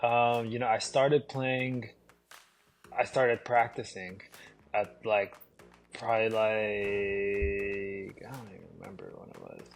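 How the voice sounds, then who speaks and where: A man's voice: on the low side, lively intonation, slow pace, creaky, faint music behind. A young man chatting as a guest in a studio interview, easygoing and hesitant, full of "like". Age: young adult. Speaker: guest ballplayer. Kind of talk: casual interview chat. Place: podcast studio.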